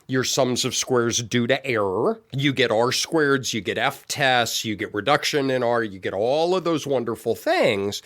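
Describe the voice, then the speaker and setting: A man co-hosting a casual teaching chat, playful and quick to tease. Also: medium pitch, a bit bright. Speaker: co-host.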